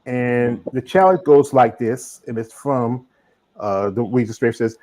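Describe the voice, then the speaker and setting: A man's voice: mid-range voice, measured pace, a little mellow, low-quality recording. Southern guy rambling on a podcast, lots of ums and restarts. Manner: rambling, many fillers and restarts. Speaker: podcast host. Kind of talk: casual chat.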